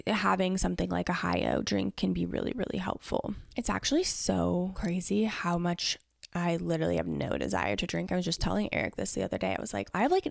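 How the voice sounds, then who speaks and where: Chatty young woman with vocal fry. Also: fairly low pitch, no room sound, clean studio sound. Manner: chatty, earnest, peppered with "like" and "you know". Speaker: podcast host. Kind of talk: casual solo Q&A chat.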